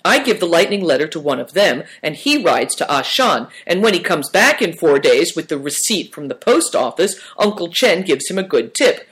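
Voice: medium pitch, big pitch swings, normal speed, few pauses, fairly bright tone. A storybook reader voicing an anxious young boy servant who pleads and complains. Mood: whiny.

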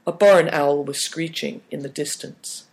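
A man reading a story aloud as narrator, in a measured storytelling manner. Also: a little high, fairly even intonation, gravelly. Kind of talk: audiobook narration.

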